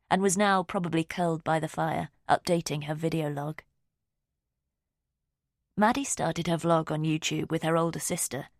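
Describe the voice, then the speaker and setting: A woman narrating a mystery audiobook in a measured, even way. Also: low voice, no room sound, clean studio sound.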